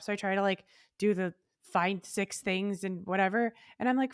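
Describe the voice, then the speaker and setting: A woman co-hosting a podcast in casual chat, telling stories in an animated way and acting out her own thoughts. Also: mid-range voice, moderate pace, hardly any pauses, clear, resonant tone, no echo, clean studio sound. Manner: animated storytelling, acts out her own inner voice. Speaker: podcast co-host.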